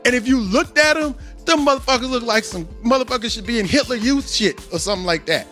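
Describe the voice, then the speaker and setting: High-voiced bright man, rambling host. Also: fast talker, soft background music. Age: 40s. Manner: rambling, profane, animated storytelling. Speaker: podcast host. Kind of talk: casual podcast monologue. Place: home recording studio.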